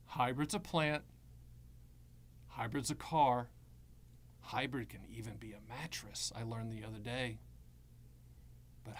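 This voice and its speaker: A man hosting a live stream on annuities, giving blunt, sarcastic and animated advice full of jokes. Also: medium pitch, takes it slowly, pauses often.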